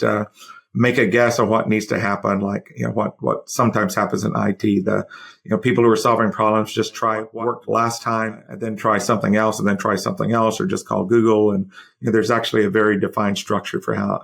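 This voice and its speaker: A man's voice: fairly low pitch, creaky, fairly bright tone. A man hosting a podcast who asks questions in a rambling way with lots of fillers. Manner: rambling, many fillers and restarts. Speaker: podcast host. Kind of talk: conversational interview.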